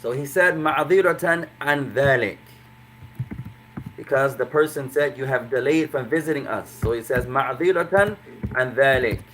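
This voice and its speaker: A man teaching an Arabic class in English, explaining phrases slowly and repeating them. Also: medium pitch, a bit bright, slight background noise. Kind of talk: classroom lesson.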